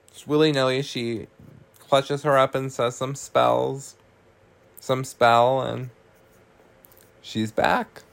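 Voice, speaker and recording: With vocal fry and a fairly bright mid-range voice, this man hosts a podcast recapping a horror comedy. His tone is chatty and laughing, full of swearing and filler words like "like" and "um."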